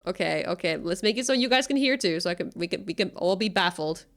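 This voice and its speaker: A woman's voice: lowish voice, expressive, fast talker, fairly bright tone. A woman, chatting casually and giggling as a streamer. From Finland. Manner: giggly, self-deprecating. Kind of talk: casual chat while reading a game.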